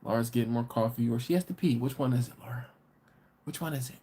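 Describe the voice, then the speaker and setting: Warm and slightly rough, this man's mid-range voice leads a casual livestream. He reads viewer comments out loud, joking and teasing them in a chatty manner with quick bursts of laughter.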